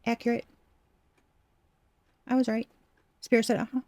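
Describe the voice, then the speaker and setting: A woman's voice: medium pitch, lively intonation, moderate pace, darkish tone, dry recording. A woman giving a casual collective tarot reading, blunt and profane, repeating her points for emphasis. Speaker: tarot reader.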